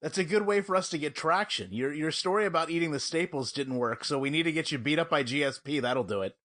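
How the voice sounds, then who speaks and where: A man's voice: fairly high pitch, fast talker, a bit bright, no room sound, clean studio sound. A man co-hosting a casual sports podcast, talking with wry, teasing banter. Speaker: podcast co-host.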